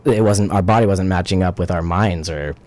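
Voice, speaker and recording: Low-voiced man rambling with "you know". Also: brisk, a little mellow. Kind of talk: casual conversation.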